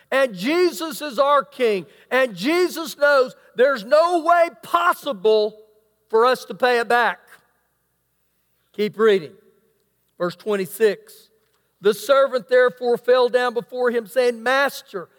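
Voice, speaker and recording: A man's voice: extremely high pitch, a little slow, a bit bright. A man preaching a sermon, reading scripture aloud and adding emphatic asides. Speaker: pastor. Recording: long hall reverb.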